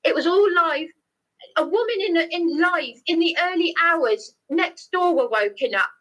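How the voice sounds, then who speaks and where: A woman's voice: extremely high pitch, animated, unhurried, a bit bright. A distraught woman from England, pouring out her troubles on a phone call, stammering through restarts and raising her voice. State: distraught, near tears. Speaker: caller.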